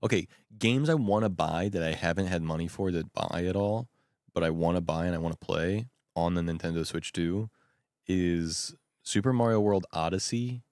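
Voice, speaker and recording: A young man rambling excitably in casual chat at home at night. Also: low voice, normal speed, no echo, studio quality. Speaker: vlogger.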